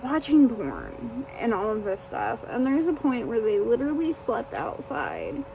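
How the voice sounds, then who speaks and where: Woman book vlogger rambling and cussing, kinda high voice, slow and draggy. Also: huge pitch swings, gravelly, warm tone, a little hiss or hum, poor audio. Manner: rambling and profane, lots of fillers. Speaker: book reviewer. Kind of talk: casual chat.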